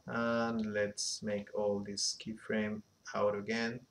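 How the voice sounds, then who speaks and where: A man giving an unhurried animation software tutorial, thinking aloud as he works, with a slight phrasing. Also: lowish voice, completely flat delivery, a little hiss or hum. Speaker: animation instructor. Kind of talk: screen-recorded software tutorial.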